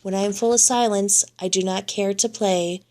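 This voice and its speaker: A woman reading children's poems aloud, in a lively and expressive read-aloud manner. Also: mid-range voice, normal speed. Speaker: reader.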